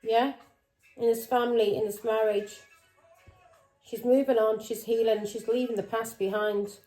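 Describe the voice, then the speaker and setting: Accusing woman tarot reader, warm voice. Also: fairly high pitch, fairly even intonation, normal speed, faint music behind, rough recording. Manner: accusing, confrontational, keeps asking "Yeah?". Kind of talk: tarot reading monologue.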